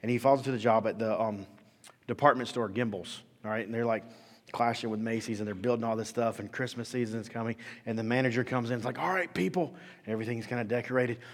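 A man preaching a sermon as pastor, in an animated, conversational way, acting out quotes. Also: mid-range voice, fast, big-room sound.

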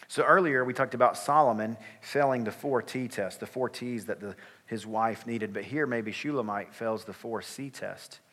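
A man's voice: mid-range voice, normal speed, a bit bright, big-room sound. A male pastor giving a sermon in an earnest, conversational way, with casual filler words.

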